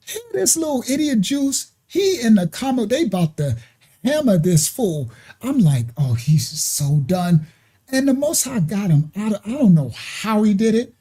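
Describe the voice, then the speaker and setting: A middle-aged man telling a story in an animated, rambling way, laughing and mimicking sounds. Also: sits high, moderate pace, breathy edge. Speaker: ministry speaker. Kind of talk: casual storytelling.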